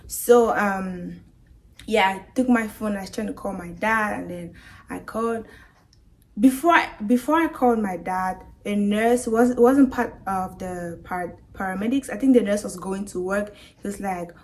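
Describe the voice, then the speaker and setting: A woman's voice: medium pitch, normal speed, slight background noise. A young woman vlogger retelling a frightening personal experience as a storytime testimony. She speaks with raw emotion and acts out the voices of the people in her story.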